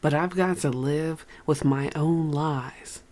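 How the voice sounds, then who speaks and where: A reflective former prisoner muses on truth and lies in a calm, plain-spoken manner, as an audiobook reader voices him. He speaks slowly and unhurriedly, at an everyday mid pitch. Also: natural voice. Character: philosophical man, former prisoner, fond of riddles.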